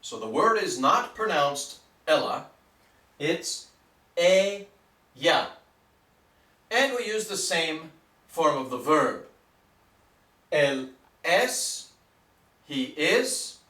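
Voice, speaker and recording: Slow, patient man teaching a lesson. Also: on the high side, very animated, sharp tone, roomy sound, recorded from a distance. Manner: patient, deliberate, spells out words. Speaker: Spanish teacher.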